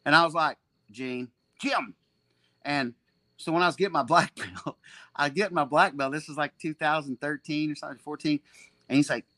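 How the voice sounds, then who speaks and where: A man's voice: mid-range voice, fairly bright tone, no echo. Rambling, profane man telling stories. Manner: rambling, profane, frequent restarts and laughter. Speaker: podcast guest, jiu-jitsu black belt and gym owner. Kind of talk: casual storytelling chat.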